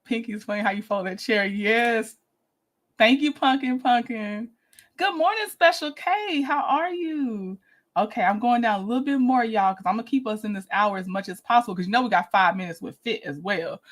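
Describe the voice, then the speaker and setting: A woman's voice: fairly high pitch, normal speed. A woman hosting a casual livestream, chatty and giggly, greeting viewers one by one. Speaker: livestream host.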